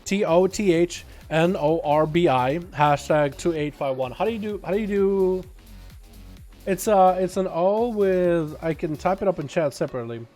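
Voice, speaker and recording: A young man hosting a casual gaming livestream, sick, talking in an excitable, rambling way and laughing often. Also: high voice, normal speed, faint music behind. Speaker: livestream host. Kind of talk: casual gaming stream chat.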